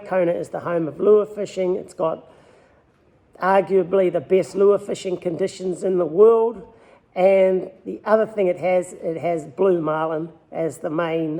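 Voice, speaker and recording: A man's voice: high-pitched, a little mellow. A man with a New Zealand accent who makes lures, telling his story in an easygoing, rambling way in an interview. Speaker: lure maker.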